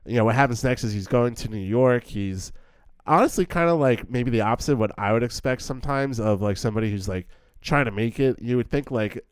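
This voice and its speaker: A man's voice: mid-range voice, fairly quick, clear, resonant tone, no room sound. A young man co-hosting a film podcast in a casual, chatty way, full of "like" fillers and acted-out lines. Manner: chatty, lots of "like" fillers, acts out character lines. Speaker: podcast co-host.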